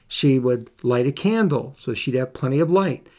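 A man's voice: medium pitch, expressive, moderate pace, dark tone. A man preaching a Bible lesson, reading scripture aloud and putting earnest questions to his listeners.

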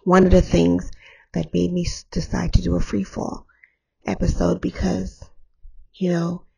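A woman hosting her own podcast, talking candidly and rambling a little, her voice hoarse after an illness and laughing often. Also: lowish voice, completely flat delivery, measured pace, mellow. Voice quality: gravelly. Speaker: podcast host. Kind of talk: candid solo podcast talk.

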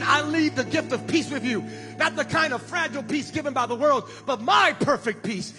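A man preaching a sermon as pastor, telling a story with animated quotes and building to loud shouted calls to the congregation. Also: very high voice, normal speed. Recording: long hall reverb with music behind.

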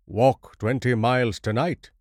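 A man voicing a bitter, reclusive older male scholar in a horror story reading, with a measured, grave and formal delivery. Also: mid-range voice, fairly even intonation, dry recording, studio quality, pitched above the performer's own voice, close to an everyday voice.

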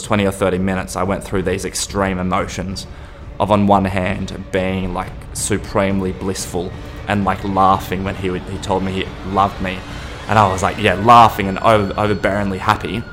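Deep-voiced man telling a personal story. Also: fairly bright tone, slight background noise. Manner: halting, restarts mid-sentence. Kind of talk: personal anecdote.

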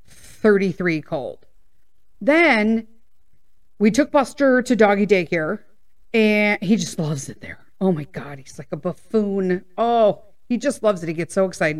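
Chatty woman rambling with laughs. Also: mid-range voice. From Midwest US. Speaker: podcast host. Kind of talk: casual personal chat.

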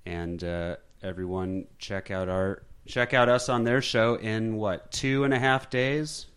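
Smooth-voiced male podcast host. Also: on the low side, unhurried. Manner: relaxed, wraps up the show. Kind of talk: casual chat.

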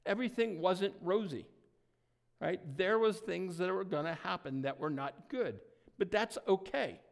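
A man preaching a sermon in a conversational way, often pausing with "um" and checking in with "right?". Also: sits high, gravelly. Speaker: pastor.

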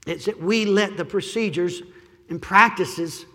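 A male pastor preaching a sermon, building from quiet pleading to loud shouting and repeating his key phrases. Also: high-pitched, measured pace, in a large hall. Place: church sanctuary.

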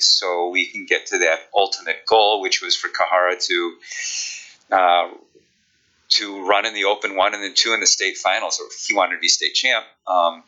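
A sprint coach with a Chicago accent, explaining training in a relaxed podcast interview, with many ums. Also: male voice, low voice, highs cut off.

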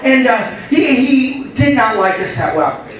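A man's voice: very high voice, very animated, measured pace, recorded from a distance. A man preaching a sermon as pastor, telling a story with laughs and calling to the congregation. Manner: storytelling with laughs, call-and-response. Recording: roomy echo, from the mic.

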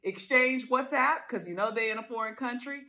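A woman's voice: on the high side, normal speed, pushed and bright. A woman co-hosting a podcast, gossiping playfully about reality TV with frequent exclamations. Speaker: podcast co-host. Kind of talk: casual reality-TV recap chat.

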